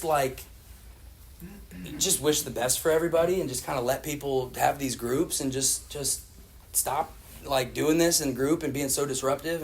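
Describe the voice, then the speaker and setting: Man, recovery meeting speaker, rambling candid storytelling, fairly high voice. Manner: candid, rambling, frequent fillers, laughs at himself.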